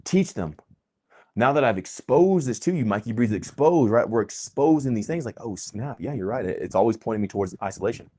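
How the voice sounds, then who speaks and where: This vlogger speaks with medium pitch and a lively, varied intonation at a brisk pace. He preaches passionately on his channel, his emphatic delivery jumping from loud bursts to quiet asides.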